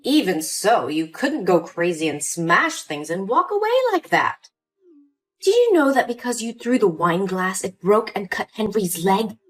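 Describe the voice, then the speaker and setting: A woman with a medium-pitched, sing-song, unhurried voice acts out a dramatized story as a manipulative, scheming older mother, honeyed on the surface and icy underneath, shifting from sweetness to cold dismissal.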